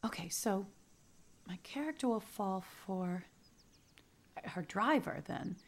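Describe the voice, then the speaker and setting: An actress playing a polite, eager novelist who interviews people for a book in a radio drama. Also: female voice, mid-range voice, animated, slow pace. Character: eager young woman novelist researching expats.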